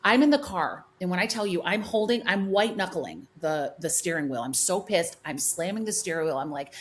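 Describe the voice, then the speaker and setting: A woman's voice: fairly low pitch, lively intonation, brisk, slight background noise. A middle-aged woman, a hairdresser and educator, telling stories emphatically in a podcast conversation, with many restarts and repeats.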